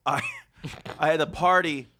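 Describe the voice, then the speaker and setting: A man hosting a podcast, telling rambling, foul-mouthed stories in casual chat, his voice slightly hoarse. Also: fairly high pitch, steady tone, a little slow, sharp tone, a little hiss or hum. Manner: rambling storyteller, swears freely, laughs often. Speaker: podcast host.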